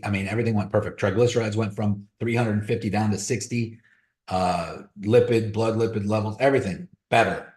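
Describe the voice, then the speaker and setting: A man's voice: on the low side, a little mellow, reverberant. A man hosting a crypto trading webinar, giving blunt, motivational advice in casual live-stream talk. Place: room on a video call.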